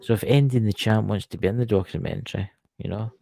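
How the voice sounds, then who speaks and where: A man's voice: fairly low pitch, quick pace, vocal fry, mellow, dry recording. A man with a Scottish accent co-hosting a show, chatting casually, joking and teasing his co-host. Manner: joking, teasing, laughs often. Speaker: podcast co-host. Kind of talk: casual banter.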